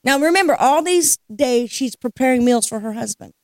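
A woman's voice: sits high, lively intonation, moderate pace, a little mellow, no echo, studio quality. A woman leading worship at a church service, telling a testimony as a storyteller with a preacher's cadence and laughing as she talks. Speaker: guest worship leader. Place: church sanctuary.

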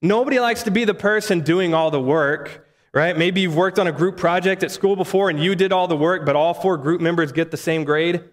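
A man's voice: sits high, brisk. A man preaching a sermon in a conversational way, often asking the listeners rhetorical questions. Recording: echoey hall reverb.

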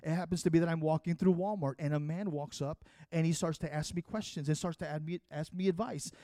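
A man's voice: a little high, fairly even intonation, fairly quick, warm tone, no room sound, studio quality. A man preaching a sermon, telling a personal testimony in an earnest, conversational way. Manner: earnest, conversational, with frequent restarts.

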